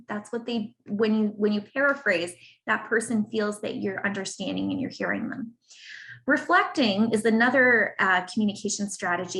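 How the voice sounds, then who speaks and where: A woman's voice: mid-range voice, poor audio. Earnest woman coaching caregivers online. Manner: warm, earnest, explanatory with example phrases. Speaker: cancer coach presenting a webinar. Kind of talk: online presentation. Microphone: computer mic on a video call.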